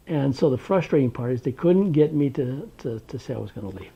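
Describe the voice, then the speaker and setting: A man from Washington state recounting his past in an oral history interview, unhurried and wry, with plenty of ums and uhs. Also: mid-range voice, expressive, creaky, slightly rough, lo-fi sound. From Tri-Cities, Washington, USA. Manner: unhurried, wry storytelling with many fillers.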